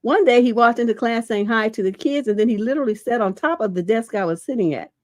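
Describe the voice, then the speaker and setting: A fairly high, darkish-toned voice moves quickly as a middle-aged woman relationship coach answers livestream viewers' questions she reads aloud. She's blunt and casual, says "you know" a lot, and has a lingering cough. The recording is studio quality with no echo.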